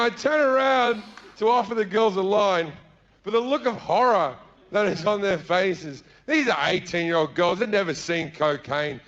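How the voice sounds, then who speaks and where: A fairly high-voiced Australian man in his thirties delivers a stand-up story on stage, jumping between narration and acted-out voices. The recording is slightly dull, with faint noise underneath. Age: 30s. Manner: acts out characters in quick bursts, shouts and mutters. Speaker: stand-up comedian. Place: theater stage before an audience.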